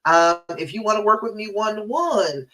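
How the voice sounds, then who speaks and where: A woman's voice: mid-range voice, expressive, normal speed, a bit bright, recorded from a distance, rough recording. A woman relationship coach giving a live-streamed talk, emphatic and direct, repeating her key points.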